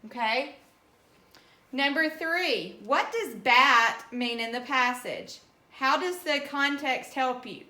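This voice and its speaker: A woman teacher giving a recorded reading lesson, talking slowly and patiently and spelling words out letter by letter. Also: high-pitched, sharp tone. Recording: echoey room.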